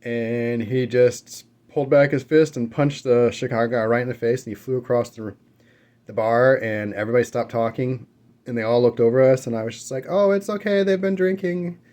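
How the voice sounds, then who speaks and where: This mukbang vlogger chats casually over a meal at home, dogs close by, wandering through stories with fillers and self-corrections. His mid-range voice is a little mellow and a little fast, and his delivery is flat.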